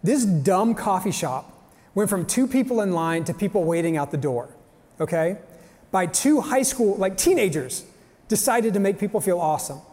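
A man's voice: high-pitched, lively intonation, moderate pace, a little mellow. A young adult man giving an upbeat, joking motivational talk to a live audience, talking straight to the crowd. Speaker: motivational speaker. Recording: long hall reverb.

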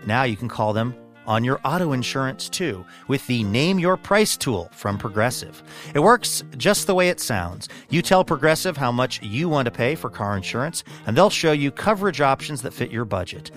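Male ad read, upbeat, mid pitch, soft music bed. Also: big pitch swings, moderate pace. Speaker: ad announcer. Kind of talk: read advertisement.

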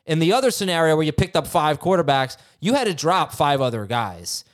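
A man hosting a fantasy football podcast, chatting casually with halting restarts and reading listener emails aloud. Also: fairly high pitch, sing-song. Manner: halting, many restarts, reads questions aloud. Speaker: podcast host.

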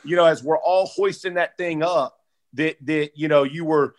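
A man's voice: a little high, moderate pace. Former football guy, 40s, easygoing, says bro a lot, kinda emotional. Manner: laid-back, peppers talk with "bro" and "dude"; heartfelt, close to tears. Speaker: guest, former football player. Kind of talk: casual podcast storytelling.

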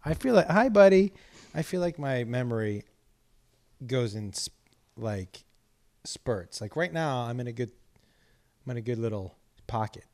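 A man's voice: medium pitch, lively intonation, unhurried, pauses often, darkish tone. Chatty man hosting a home podcast. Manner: chatty, teasing, restarts sentences. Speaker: podcast host. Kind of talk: casual family chat.

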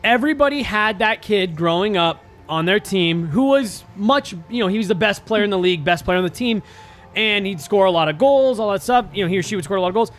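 High-voiced, eager male podcast co-host. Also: lively intonation, brisk, a bit bright, faint music behind. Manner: eager, interjecting, repeats words. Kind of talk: casual chat.

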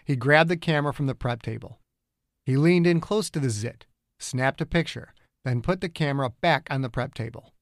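A man narrating his own audiobook in a steady, measured storytelling style. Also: mid-range voice, no echo, studio quality. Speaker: author and narrator.

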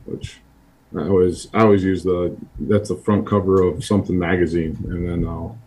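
Deep, mellow-voiced man coach chatting. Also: flat delivery, poor audio. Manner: halting, repeats words and restarts. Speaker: college offensive line coach, podcast guest. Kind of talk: casual podcast chat.

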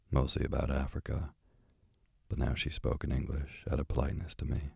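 A man calmly reading a bedtime story aloud in a slow, soothing way. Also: extremely low pitch, creaky, slightly rough, no room sound, clean studio sound.

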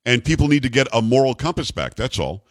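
A man's voice: medium pitch, very animated, fast, dry recording. A male talk radio host, blunt and opinionated, reading ads and taking calls with self-mocking jokes. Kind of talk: talk radio and live ad reads.

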